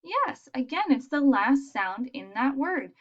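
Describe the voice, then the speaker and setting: A woman teaching young children letter sounds in a patient, encouraging way, modelling each sound clearly. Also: high voice, sing-song, unhurried, dull audio. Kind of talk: phonics lesson for young children.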